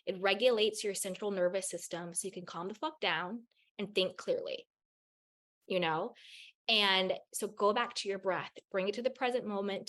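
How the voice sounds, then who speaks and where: A woman's voice: medium pitch, fairly bright tone. A woman guest on a podcast, giving candid spiritual advice in a raw, blunt way, swearing freely and repeating phrases for emphasis.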